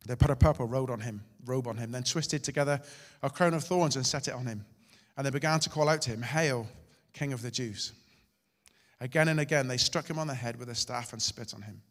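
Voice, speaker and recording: Male pastor, sermon, dramatic swings from forceful to hushed, long hall reverb. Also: mid-range voice, fast, few pauses. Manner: dramatic, shifting loud and soft.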